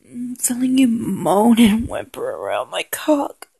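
A woman's voice: fairly high pitch, huge pitch swings, measured pace, dark tone. A woman performing an intimate adult audio role-play in a dominant voice, murmuring, moaning and half-whispering close to the mic. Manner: dominant, breathy murmuring with frequent moans and half-whispered lines.

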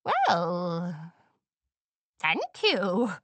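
A woman voicing an ancient, menacing old mare pony with a raspy, low voice and a slow, hesitant way of speaking. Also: huge pitch swings, fairly bright tone, no room sound, exaggerated voice. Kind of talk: storybook character voice.

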